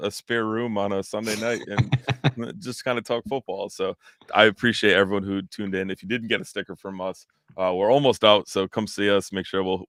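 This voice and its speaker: A man hosting a casual soccer podcast from a spare room at home, relaxed and rambling with fillers. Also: fairly low pitch, no room sound, studio quality. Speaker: podcast host.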